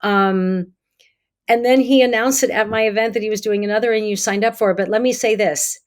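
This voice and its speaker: Middle-aged woman, interview guest and therapist; lively storyteller who acts out dialogue, mid-pitched. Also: a little fast. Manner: animated, acts out quoted dialogue. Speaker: guest psychotherapist.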